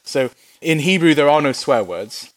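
A man preaching a Bible teaching sermon in a lively, humorous way, acting out little voices in quotes. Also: a little high, normal speed, background noise.

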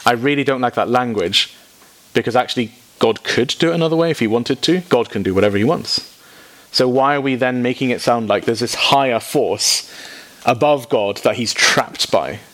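A man preaching to a gathered congregation at a middle pitch. He talks informally and with animation, slipping in quick asides and playful jokes as he teaches. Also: a bit bright. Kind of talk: sermon teaching.

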